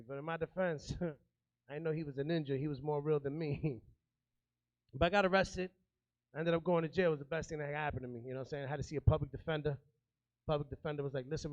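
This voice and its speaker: Stand-up comic, male, thirties, from New York, high voice, chatty, riffs with the crowd. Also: no room sound, lo-fi sound. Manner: streetwise, loose, chatty, working the crowd. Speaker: stand-up comedian. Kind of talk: stand-up comedy set.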